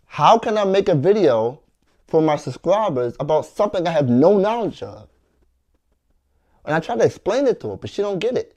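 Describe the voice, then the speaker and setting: A man tells a story to the camera in an aggrieved, earnest way and acts out past arguments. His voice is a little high and very lively. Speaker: content creator and street performer.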